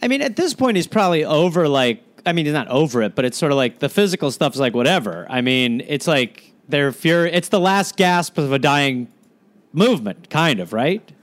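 A man's voice: a little high, very animated, normal speed. A man, a comedian and podcast co-host, riffing improvised comic bits in silly voices.

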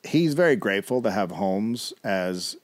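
A man's voice: on the low side, animated, a little slow. A man co-hosting a comedy podcast, telling a history story casually with wry asides and the odd swear.

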